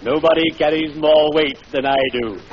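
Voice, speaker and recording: A man's voice: on the high side, normal speed, close to an everyday voice. Digby Odell, a man playing an oily undertaker. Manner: smooth, oily and full of morbid puns. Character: unctuous gloomy middle-aged male undertaker. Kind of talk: 1940s radio acting. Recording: muffled old radio broadcast with hiss.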